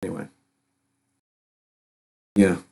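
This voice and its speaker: A middle-aged man hosting a live stream, reading news items aloud and commenting on them in a rambling, halting way with many fillers and restarts. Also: warm tone.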